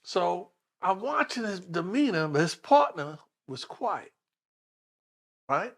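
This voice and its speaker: A middle-aged police detective, interviewed, tells a story animatedly and acts out the voices of the people in it. His voice is high-pitched, and he takes his time.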